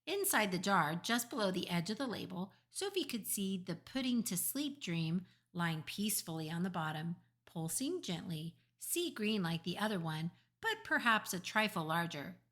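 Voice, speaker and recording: A woman narrating a children's book aloud in an expressive storytelling manner. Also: fairly low pitch, normal speed, hardly any pauses. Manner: expressive, does character voices. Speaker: audiobook narrator.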